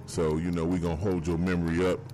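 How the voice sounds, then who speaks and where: A man's voice: sits low, level tone, quick pace, mellow, soft background music. A male radio host giving a memorial tribute on air, half tearful and half laughing as he reminisces.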